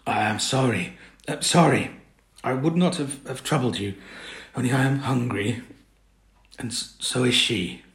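A man's voice: on the low side, normal speed, creaky. A man playing a hungry, fearful castaway who stammers and falters, recorded with a roomy echo. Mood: pleading. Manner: hesitant, stammering and pathetic.

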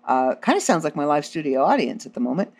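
A woman hosts a podcast and tells funny stories from her own life in a casual way. Her voice sits low, but it swings up and down a lot as she gets animated. She pokes fun at herself as she goes. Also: quick pace. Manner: animated, self-deprecating, laughs often. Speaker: podcast host. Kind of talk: casual comedic storytelling.

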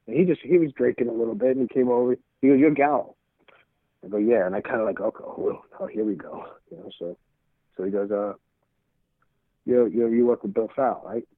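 A man's voice: on the low side, no room sound. A middle-aged man telling stories as an interview guest, rambling and stumbling over repeated words while acting out old conversations. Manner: rambling, repeats words, acts out quoted dialogue. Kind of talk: casual storytelling. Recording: tinny phone-like audio.

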